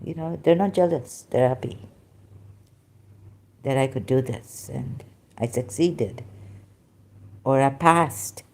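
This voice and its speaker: A woman's voice: a bass voice, unhurried, creaky, pauses often, warm tone, breathy edge. A woman vlogger talking casually to camera, rambling and breaking off mid-sentence to restart her thoughts. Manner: rambling, self-interrupting, many restarts. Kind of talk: casual monologue.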